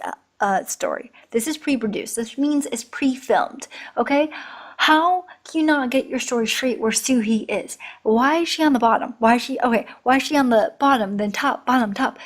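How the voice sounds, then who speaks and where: Animated, higher-voiced woman ranting. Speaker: drama review co-host. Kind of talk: casual chat.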